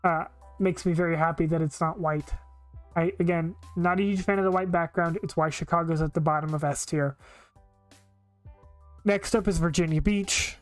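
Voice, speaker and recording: A woman's voice: lowish voice, fairly even intonation, moderate pace, faint music behind. A woman streaming live, giving blunt, opinionated casual commentary with frequent filler words.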